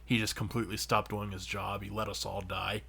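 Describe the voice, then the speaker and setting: A man co-hosting a podcast, casually telling a long, profane gaming story that grows animated as he retells it. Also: fairly low pitch, fairly quick, vocal fry, breathy edge. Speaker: podcast co-host. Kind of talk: casual chat.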